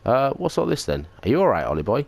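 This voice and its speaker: A man's voice: medium pitch, wildly swooping pitch, fast talker, gravelly, a little mellow. An actor playing a cheeky, blunt little male fairy sidekick in a video game, talking in brash slang. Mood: gruff.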